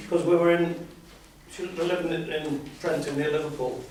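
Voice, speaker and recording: A man's voice: on the high side, fairly even intonation, measured pace. An older man from Scotland, reading his own rhyming poems at an open mic, with hesitant, rambling chat between them. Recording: very echoey room, mic at a distance, faint noise.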